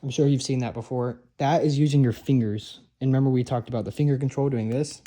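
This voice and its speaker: A young man gives a relaxed drumline lesson in a loose, rambling way, stopping and restarting his thoughts. He is captured on a camera mic, and a steady hiss of room noise sits under his voice. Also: mid-range voice, quick pace. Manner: loose and chatty, many fillers and restarts. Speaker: drumline instructor. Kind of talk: casual instructional talk. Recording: noisy room recording.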